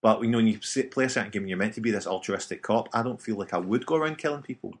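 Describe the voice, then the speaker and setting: A man's voice: lowish voice, rapid-fire. A man, co-hosting a casual podcast chat and rambling through his opinions with lots of restarts. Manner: chatty, rambling, frequent restarts and fillers. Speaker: podcast co-host. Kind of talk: casual chat about video games.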